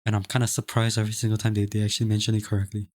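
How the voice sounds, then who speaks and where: A man's voice: fairly low pitch, completely flat delivery, racing, darkish tone, dry recording. A young man from Singapore with a light Singaporean English accent, chatting casually on a live stream, rambling and restarting his sentences. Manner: chatty, rambling, many restarts and stammered repeats. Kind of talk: casual live-stream chat, reading chat aloud.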